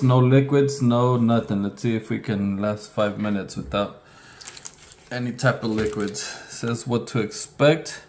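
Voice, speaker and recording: A man speaks slowly and unhurriedly in a casual home video. His mouth and throat are on fire, and his eyes water as he groans and hiccups through the heat. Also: mid-range voice. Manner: reading label aloud, then groaning and hiccuping from spice. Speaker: challenge participant.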